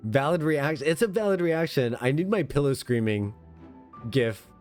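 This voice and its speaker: Excitable rambling male game streamer. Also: a little high, normal speed, soft background music. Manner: excitable, rambling, self-mocking. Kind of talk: casual game stream commentary.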